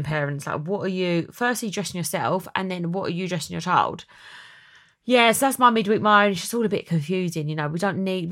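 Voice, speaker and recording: A young woman hosts a podcast, chatty and dramatic in casual conversation. Her pitch swings quickly.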